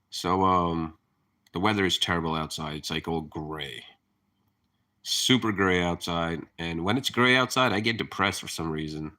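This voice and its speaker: Deep, bright-toned man rambling on a live stream. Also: a little slow, pauses often. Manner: rambling, laughing, cursing freely; hyper, chatty. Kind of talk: casual live-stream chat.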